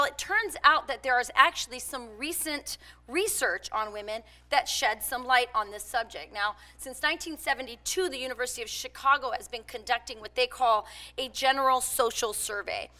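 A woman's voice: fairly high pitch, normal speed, sharp tone. A woman in her forties giving a public talk, mixing personal stories with points, conversational with frequent fillers. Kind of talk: public speech with personal anecdotes.

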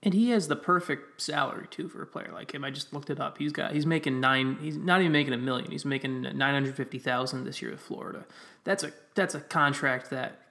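A man with a medium-pitched voice co-hosts a casual sports podcast. He thinks out loud and analyzes players as he pulls up the numbers. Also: a little fast. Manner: analytical, thinks aloud while looking up stats. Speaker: podcast co-host.

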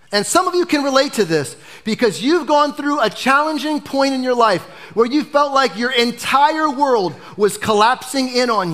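Animated male pastor preaching a sermon. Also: very high-pitched. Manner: animated preaching, dropping to a hush for emphasis.

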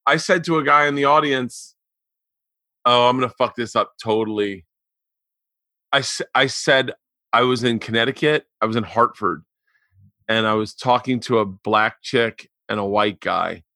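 A man hosting a podcast, telling a comic story in a profane, animated way with loud outraged outbursts. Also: mid-range voice, normal speed, no echo, studio quality. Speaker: podcast host and comedian.

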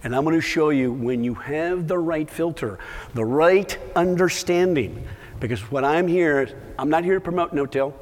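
A man's voice: on the high side, moderate pace. A middle-aged man, a conservation agronomist, giving a passionate, emphatic conference talk and telling a story. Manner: passionate, emphatic, repeats words for stress. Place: conference hall. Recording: long hall reverb from a live talk.

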